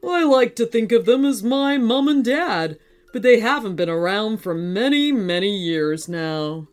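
A woman reading a children's story, voicing a lonely, gruff robot dinosaur that speaks slowly and loudly. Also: expressive, faint music behind. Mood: sad. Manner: slow, loud, booming.

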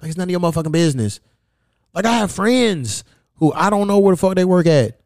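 A man's voice: sits high, expressive, fast talker, a little mellow, no room sound, studio quality. A man hosting a podcast in casual chat, telling stories bluntly and cursing constantly. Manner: blunt, profane storytelling. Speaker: podcast host.

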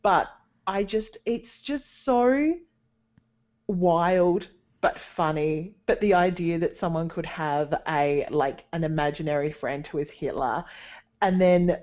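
Woman co-host, lowish pitch, easy chatter, dull lo-fi sound. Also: takes it slowly, darkish tone. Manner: chatty, often agrees with "yeah, exactly". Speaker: podcast co-host. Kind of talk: casual chat.

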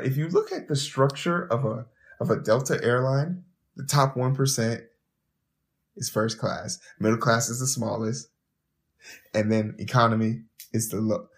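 A man hosting a podcast, telling a story in an animated, profane way, often stumbling and repeating words as he starts his sentences. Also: medium pitch. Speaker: podcast host. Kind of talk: storytelling monologue.

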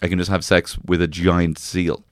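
A man's voice: sits low, little pitch movement, normal speed, dry recording, studio quality. A young man co-hosting a podcast, rambling through crude comedic banter with lots of fillers. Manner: rambling, with frequent fillers and laughs. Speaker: podcast co-host.

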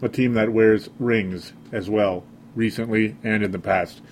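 A man's voice: lowish voice, fairly even intonation, unhurried, a little hiss or hum. Rambling sarcastic man hosting a podcast. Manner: rambling, sarcastic, frequent fillers. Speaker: sports podcast host. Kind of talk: casual sports podcast monologue.

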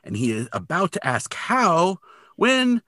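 A man co-hosting a casual podcast, walking through a TV episode scene by scene. His voice rises and falls a lot, with a bright edge. The sound is dry and close. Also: high-pitched, a little slow, no room sound. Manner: animated retelling with quoted voices. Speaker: podcast co-host recapping a TV episode. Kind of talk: casual chat.

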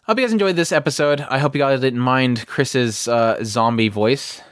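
A man's voice: mid-range voice, lively intonation, brisk, a bit bright, smooth, dry recording, studio quality. A man co-hosting a podcast, rambling in a casual chat with many fillers and restarts. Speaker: podcast co-host.

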